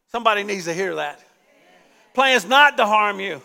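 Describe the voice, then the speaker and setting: Bright-voiced preaching pastor in a hall. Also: male voice, high voice, lively intonation, normal speed, gravelly. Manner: call-and-response preaching, rising emphatic repetition. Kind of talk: sermon. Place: church sanctuary. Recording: echoey church hall.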